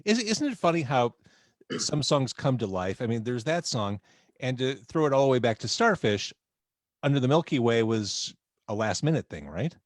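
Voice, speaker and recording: A man's voice: medium pitch, sing-song, normal speed, no echo, clean studio sound. Enthusiastic male podcast host. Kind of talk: casual interview questions.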